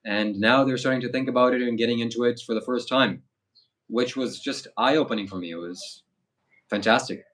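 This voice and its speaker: A man who hosts spiritual retreats, speaking calmly and earnestly with hesitant fillers. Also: medium pitch, brisk. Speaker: spiritual streamer and retreat host. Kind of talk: casual chat.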